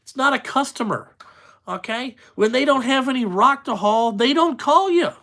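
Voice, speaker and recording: A male trucker who hosts a vlog channel rants casually in a very high-pitched, sharp-toned voice with lively intonation at a moderate pace. He's blunt, foul-mouthed and exasperated, rambling through loose run-on asides packed with fillers and asking "you know what I'm saying?"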